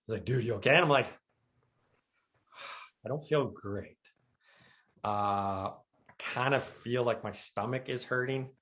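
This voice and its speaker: A man's voice: medium pitch, slow pace, long pauses, fairly bright tone. Guy telling a wild story to his bro, casual, acts out everyone he quotes. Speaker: storyteller recounting his crash. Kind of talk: casual chat.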